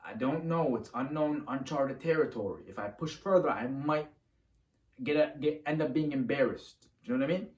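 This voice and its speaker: A man telling a personal story to the camera in a casual, animated way, acting out the moves as he talks. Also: mid-range voice, normal speed. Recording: roomy, from a distance to the mic.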